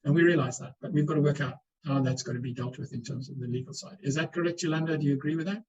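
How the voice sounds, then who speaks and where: A man's voice: a little high, fairly even intonation, rapid-fire, darkish tone, husky. Earnest man on a muffled webinar line. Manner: earnest, often repeats words as he restarts. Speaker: webinar panellist. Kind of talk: explanatory webinar talk. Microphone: video call.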